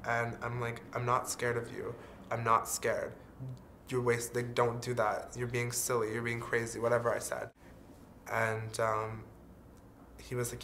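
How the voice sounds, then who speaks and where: A man's voice: medium pitch, completely flat delivery, unhurried, pauses often, pushed and bright, slight background noise. A man speaking in a candid, earnest confessional vlog, dropping the odd swear word. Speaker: vlogger.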